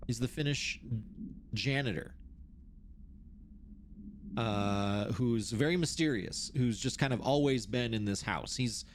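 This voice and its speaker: A man's voice: medium pitch, slow, long pauses, a little hiss or hum. A male streamer joking and reacting aloud during live gameplay commentary, reading in-game notes between quips.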